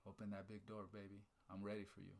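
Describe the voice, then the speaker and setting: A man's voice: lowish voice, quick pace, vocal fry. Fired-up man telling a story. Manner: animated storyteller, fired up, repeats "right?" and "okay?"; swears casually, speaks of God and faith. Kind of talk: casual chat.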